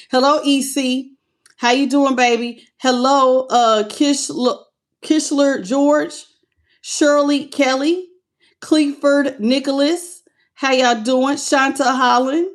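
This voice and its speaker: A woman giving a casual livestream tarot reading, chatting loosely and greeting viewers by name as "baby". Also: high voice. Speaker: tarot reader.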